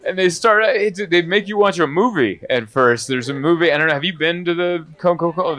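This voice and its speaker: A man performing a stand-up comedy set, animated and swinging into high, exaggerated bits.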